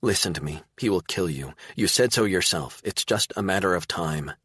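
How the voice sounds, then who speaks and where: A man voicing a tough, no-nonsense woman police detective who speaks firmly and briskly in an audiobook. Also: low voice, expressive, fairly bright tone, husky, no room sound, studio quality, exaggerated voice. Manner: firm, brisk.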